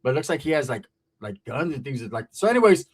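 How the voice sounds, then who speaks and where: A man in his forties from California telling a comedic story, profane and animated, acting out the people in it. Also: medium pitch, fast, breathy edge. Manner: profane, animated, acts out voices.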